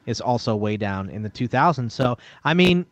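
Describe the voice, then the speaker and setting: A man's voice: medium pitch, lively intonation, moderate pace, dry recording. A man co-hosting a casual sports radio podcast, rattling off long lists of names and laughing easily. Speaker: podcast co-host.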